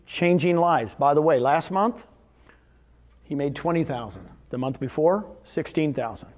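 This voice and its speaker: A man giving a motivational seminar talk in front of a live audience, animated, asking the audience questions and answering them himself. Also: a little high, measured pace. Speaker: presenter at a real estate seminar.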